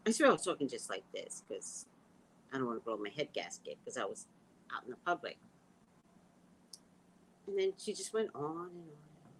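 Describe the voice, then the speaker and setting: A woman in her sixties chatting casually with her audience, snarky and animated, telling stories full of quoted dialogue, with a slight lisp from a missing tooth. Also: very deep voice, normal speed, long pauses, a little hiss or hum, poor audio. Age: 60s. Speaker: livestream host reading viewer comments. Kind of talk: casual chat.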